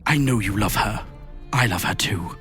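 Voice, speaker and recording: A man reading the part of a weary older male lord, in a low, subdued, earnest way, from a script. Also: animated, moderate pace, fairly bright tone, soft background music. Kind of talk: reading a script scene aloud.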